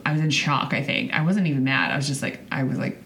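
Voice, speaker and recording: A woman's voice: extremely low pitch, steady tone, normal speed, fairly bright tone, slight background noise. A woman in her twenties hosting a podcast, talking candidly in a rambling personal monologue with restarts and the odd swear. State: choked up. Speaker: podcast host.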